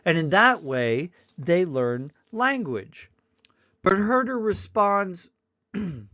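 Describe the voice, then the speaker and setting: A man giving a recorded slideshow lecture, unhurried and explanatory, sometimes acting out examples in little voices. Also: on the high side, animated, sharp tone, no room sound, highs cut off.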